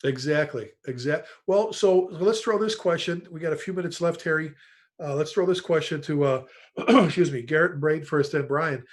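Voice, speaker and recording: A man's voice: fairly high pitch, moderate pace. A man hosting a casual online panel chat on a video call, telling stories and addressing the panelists by name. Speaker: host, retired fire chief.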